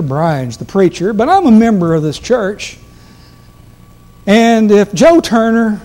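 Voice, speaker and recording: A man's voice: high voice, a little mellow. A man preaching a sermon to a congregation, reading scripture with strong emphasis. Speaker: guest preacher. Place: church sanctuary.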